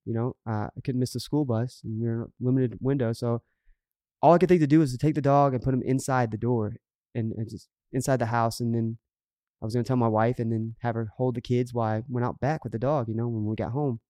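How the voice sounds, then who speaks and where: A middle-aged man tells a story on a podcast at a brisk clip, earnest and animated, acting out what people said. His voice sits at a middle pitch. It is recorded dry, with no room sound. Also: no echo. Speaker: podcast co-host. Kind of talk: casual storytelling chat.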